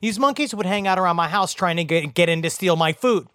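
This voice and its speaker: A man co-hosting a casual comedy podcast, reading listener emails aloud with animated storytelling and swearing. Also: high-pitched, quick pace, clear, resonant tone, no echo, studio quality.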